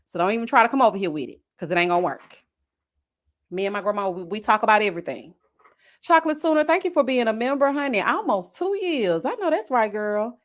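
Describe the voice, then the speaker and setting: A woman, a reality-show reviewer chatting casually with her live viewers, expressive and full of slang, calling them girl and honey. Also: mid-range voice.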